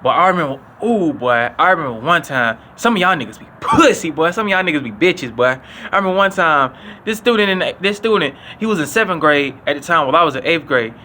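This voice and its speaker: A young man telling stories casually to his viewers, profane and animated, acting out what people said. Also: fast, a little hiss or hum. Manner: animated, acts out quotes with higher voice; profane, repetitive slang. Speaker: vlogger. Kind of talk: casual storytelling.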